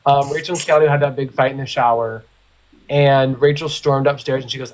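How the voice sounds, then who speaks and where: A man's voice: mid-range voice, steady tone, brisk, poor audio. A young man hosting a casual live stream chat, telling stories and teasing his guests. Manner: chatty storyteller, teasing.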